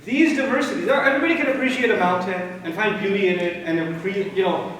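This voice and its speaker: A man from Pakistan giving an animated religious lecture, emphatic and full of rhetorical questions and dry humor. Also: sits high. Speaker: Islamic lecturer. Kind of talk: lecture to a live audience. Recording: echoey hall recording from far off.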